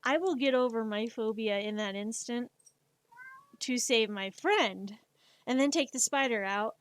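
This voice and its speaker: Woman streamer, chatty and unhurried, a bit high, dry close sound. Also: dry recording. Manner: chatty, scolds her cat playfully between topics. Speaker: streamer and artist. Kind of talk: casual live-stream chat.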